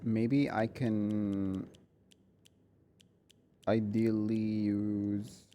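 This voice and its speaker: A man streaming a horror game, chatting excitedly with viewers, swearing and laughing as he plays. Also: on the low side, extremely slow, a little hiss or hum. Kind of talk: casual gameplay commentary.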